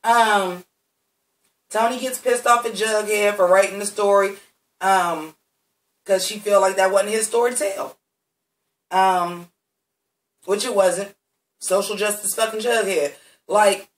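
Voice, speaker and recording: A man with a bright, sharp-edged voice tears through a TV episode recap, cursing freely and speaking straight to his audience. He sits back from the mic, and the room around him rings with echo. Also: sits high, recorded from a distance. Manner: blunt and heavily cursing, talks straight to viewers. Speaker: TV recap reviewer. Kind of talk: profane, sassy episode recap.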